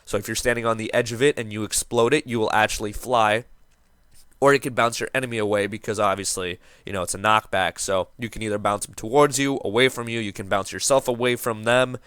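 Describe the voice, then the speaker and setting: Young guy with a smooth clear voice, just woke up, joking around while walking through a game guide, dry close sound. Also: on the low side, steady tone, fairly quick, fairly bright tone, no room sound. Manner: joking, upbeat, self-mocking. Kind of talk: casual gameplay commentary.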